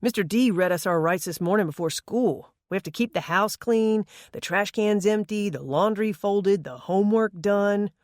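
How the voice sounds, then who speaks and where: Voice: medium pitch, lively intonation, fairly quick, no room sound, studio quality, pitched above the performer's own voice, lightly acted. A narrator voicing a cocky, joking teenage boy in an audiobook. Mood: complaining.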